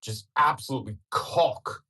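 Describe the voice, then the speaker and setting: A man hosting a casual online chat, ranting and swearing with bursts of laughter, in a husky voice. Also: mid-range voice, a little slow. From Europe. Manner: profane, animated ranting with laughter. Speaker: host.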